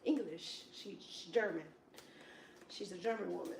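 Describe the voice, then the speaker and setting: A woman in casual chat at a Bible study, telling rambling, animated stories with lots of "it's like, wow.". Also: fairly low pitch, measured pace, vocal fry, a little hiss or hum. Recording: echoey room, distant from mic.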